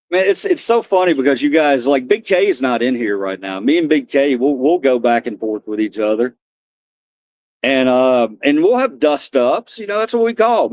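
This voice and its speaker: A man's voice: medium pitch, a little mellow, dry recording. A man chatting casually on a live stream, rambling and often repeating and restarting his phrases.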